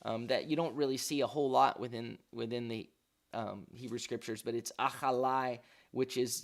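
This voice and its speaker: A man's voice: medium pitch, moderate pace, vocal fry. A man leading a daily devotional, earnest and thinking aloud with frequent restarts and fillers, sounding out Hebrew words as he explains them. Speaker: pastor.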